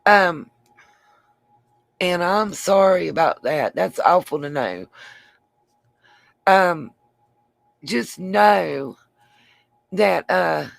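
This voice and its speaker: A woman with a low voice, lively intonation, and vocal fry draws out her words and leaves long pauses, with no echo. Hosting a casual livestream on her own channel, she rambles, restarts frequently, and addresses viewers by name.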